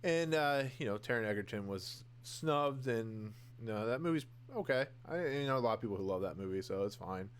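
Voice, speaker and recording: A young man hosts a solo podcast, talking briskly and animatedly with hardly any pauses in a smooth, medium-pitched voice. His casual commentary rambles through his opinions with lots of fillers and restarts, gushing over favorites and blunt about dislikes.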